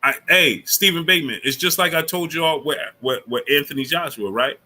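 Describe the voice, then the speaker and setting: A man's voice: fairly high pitch, fairly quick, bright, forceful tone. A man hosting a casual sports talk livestream, speaking in loose slang and greeting viewers from the super chat between his takes.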